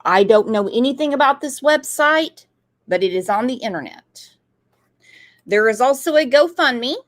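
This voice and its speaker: A woman's voice: a little high, expressive, moderate pace. A woman hosting a true crime channel, talking through a case in a conversational, emphatic way and repeating points for stress. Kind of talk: casual true crime commentary.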